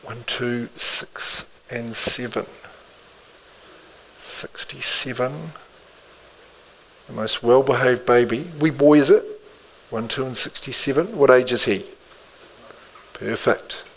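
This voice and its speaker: A man working as an auctioneer, calling bids in a rhythmic patter, repeating the figures with quick asides to the room. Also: mid-range voice, gravelly, rough recording.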